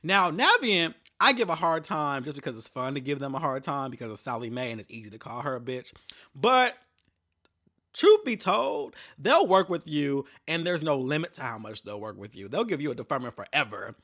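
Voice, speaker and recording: A man's voice: fairly high pitch, animated, normal speed, bright, forceful tone. A young adult man hosting a podcast, telling a story in a casual, profane rant and mocking the people he quotes. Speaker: podcast host.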